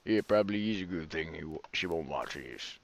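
A man's voice: rumbling low, expressive, brisk, vocal fry, slight background noise. A man doing goofy, rambling Let's Play commentary, breaking into whiny mock-crying outbursts. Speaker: gamer, channel host.

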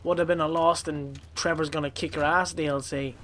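A man's voice: a little high, level tone, fairly quick. Rowdy, swearing gaming commentator man. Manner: rowdy, profane, bursts into shouts. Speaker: gameplay commentator. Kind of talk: casual gameplay commentary.

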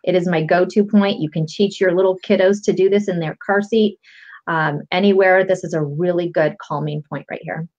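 Woman coach, low register, patient instructor, muffled lo-fi audio. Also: normal speed. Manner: calm, patient, explains step by step. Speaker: guest EFT coach. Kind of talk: instructional explanation. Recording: lo-fi dull audio.

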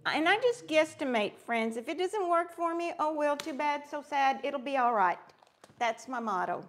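A woman's voice: sits high, lively intonation, normal speed. A woman hosting a live crafting stream, chatting in an upbeat, friendly way and greeting viewers by name as she works. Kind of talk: casual live-stream chat while crafting.

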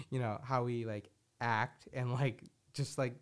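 A man's voice: mid-range voice, slow, clear, resonant tone. Laid-back laughing male podcast host. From Boston area. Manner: laid-back, laughs often, swears casually. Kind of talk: casual chat.

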